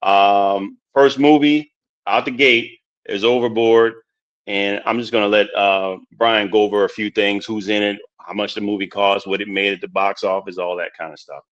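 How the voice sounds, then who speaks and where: A man's voice: lowish voice, fairly even intonation, normal speed, fairly bright tone. A man hosting a casual movie chat who rambles, repeats words and laughs often. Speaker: podcast host. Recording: dull lo-fi sound.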